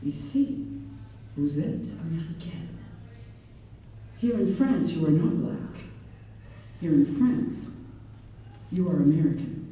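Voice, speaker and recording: A woman's voice: low voice, expressive, takes it slowly, long pauses, warm tone, lo-fi sound, voice pushed down. A woman voicing an insistent French local who speaks French and then repeats it in English. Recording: echoey hall, distant mic.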